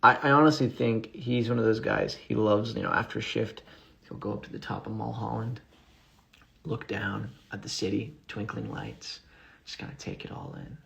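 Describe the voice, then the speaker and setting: A man's voice: on the low side, very animated, moderate pace, vocal fry, a bit bright. A male actor casually reading out fan questions during a livestream and answering with fillers and restarts. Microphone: phone.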